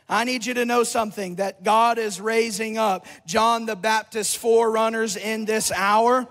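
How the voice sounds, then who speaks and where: High, gravelly male revival preacher in a reverberant church, fervent sing-song delivery rising to shouts. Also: fairly even intonation, normal speed, hardly any pauses. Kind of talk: revival sermon. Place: large church hall.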